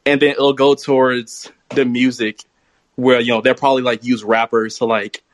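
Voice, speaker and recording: A young man calls in to a live stream for the first time and talks in a nervous, halting way, full of ums and restarts. His pitch is mid-range and the sound is dry. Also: little pitch movement, no echo. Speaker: caller. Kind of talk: casual call-in talk.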